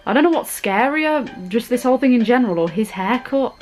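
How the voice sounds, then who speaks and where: A woman's voice: fairly high pitch, animated, fairly quick, darkish tone, soft background music, low-quality recording. Jumpy young woman reacting. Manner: jumpy, gasping and squealing, chatty. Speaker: vlogger. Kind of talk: reaction vlog.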